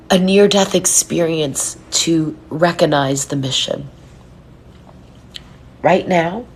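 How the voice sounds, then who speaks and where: A woman speaking earnestly and from the heart to her online followers during a live reading, sometimes slowing into soft, hushed phrases. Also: on the low side, slight background noise. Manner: earnest and heartfelt, speaks softly and slowly at times. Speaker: spiritual reader and numerologist. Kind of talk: live-stream talk to followers.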